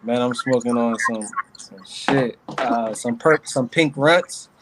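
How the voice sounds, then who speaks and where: A man co-hosting a casual live-stream chat, chiming in with quick agreement and relaxed slang. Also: medium pitch, noisy background. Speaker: co-host.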